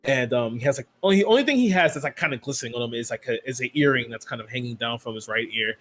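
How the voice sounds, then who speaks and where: A man's voice: mid-range voice, quick pace, fairly bright tone, a little hiss or hum. A man narrating as game master of a tabletop role-playing game, rambling and loose, with many "like" and "um" fillers.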